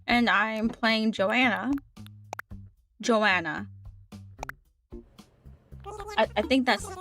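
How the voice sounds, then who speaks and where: A young woman livestreams a game and chats upbeat and casually with her viewers, now and then tripping over her words. Her voice is fairly high and a bit bright.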